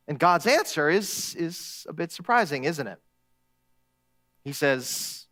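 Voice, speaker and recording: High-voiced man preaching a sermon. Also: expressive, measured pace, pushed and bright. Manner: conversational, acts out quoted voices with humor. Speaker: guest preacher.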